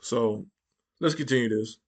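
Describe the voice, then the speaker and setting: A man's voice: medium pitch, unhurried. A man hosting a reaction channel, giving heated, mocking commentary with lots of repetition.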